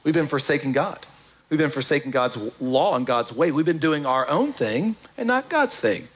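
A man preaching a sermon in an animated, conversational way, with quick asides to the congregation. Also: on the high side, breathy edge. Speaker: pastor.

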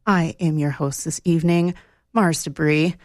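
A woman's voice: low-pitched, steady tone, a little slow, no room sound. A woman hosting an evening radio music show, chatting casually about the songs she just played and reading local community announcements into a studio microphone. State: slightly out of breath. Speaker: radio DJ host. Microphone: studio microphone, close.

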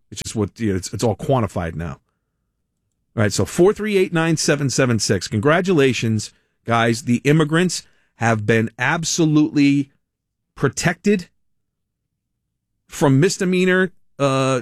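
A man's voice: medium pitch, dry recording. Male radio host, sarcastic monologue, mocking tone, dry close studio sound. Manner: sarcastic, mocking, laughs often. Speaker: radio talk show host. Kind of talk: opinionated talk radio monologue.

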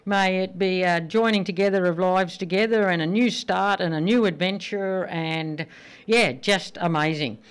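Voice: medium pitch, normal speed, clean tone. A radio host chatting casually, sending well-wishes and telling jokes, laughing at the punchlines.

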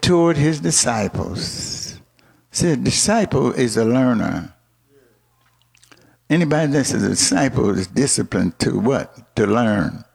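Man, preacher, sermon, gravelly, unhurried, wide-ranging pitch, call-and-response. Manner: call-and-response preaching, rising to high emphatic peaks.

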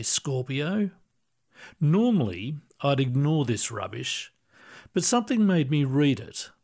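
A man reading short stories aloud in a calm, measured manner. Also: medium pitch. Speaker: narrator. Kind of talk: storybook reading.

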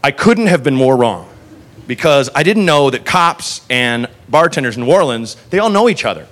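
A man doing stand-up, telling a long story with swearing and quick acted-out voices for the people in it. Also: medium pitch. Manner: animated, swearing, acts out characters in quick voices. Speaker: stand-up comedian. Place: comedy club stage. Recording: live room with faint crowd and noise.

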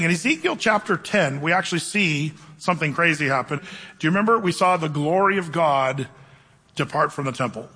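A man preaching a sermon in a casual, conversational way, asking the congregation questions and slowing down to read scripture aloud. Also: a little high, pushed and bright, slightly rough. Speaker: pastor. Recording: long hall reverb.

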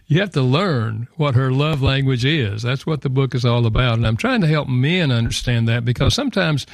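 Gravelly earnest male author explaining. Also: mid-range voice, normal speed, no room sound. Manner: earnest, explanatory, lists points calmly. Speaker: author and guest. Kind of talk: radio interview answers.

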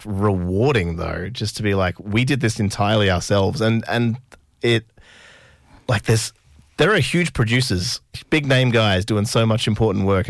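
A man's voice: lowish voice, gravelly, no room sound, clean studio sound. A man hosting a casual interview, enthusiastic and sweary, full of restarts. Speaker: podcast host.

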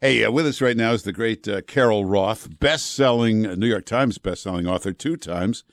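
A man's voice: lowish voice, normal speed, no room sound. Joking male talk radio host, dry sound. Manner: joking, loose, with many "uh" fillers. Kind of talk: casual talk radio banter.

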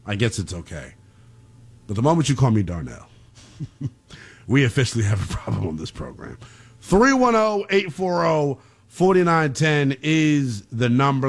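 A man hosting a late-night call-in sports radio show in a brash, slangy, animated way from the studio. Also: medium pitch.

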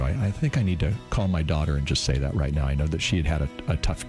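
A man in his sixties co-hosting a radio talk show, telling a heartfelt personal story and slowing down for emphasis. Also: over music. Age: 60s. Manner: acts out quoted lines in a higher voice.

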